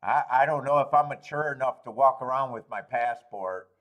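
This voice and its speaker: A man's voice: medium pitch, moderate pace, a bit bright. A man in his thirties hosting a live stream, chatting casually, swearing freely and rambling with frequent laughs. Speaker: host of a live streaming show. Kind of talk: casual chat reading live chat.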